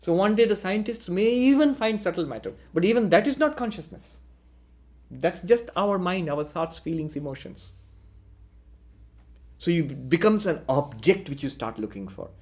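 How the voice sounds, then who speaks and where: Higher-voiced man giving a philosophical lecture. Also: lively intonation, darkish tone. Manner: deliberate, asks rhetorical questions. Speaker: spiritual teacher.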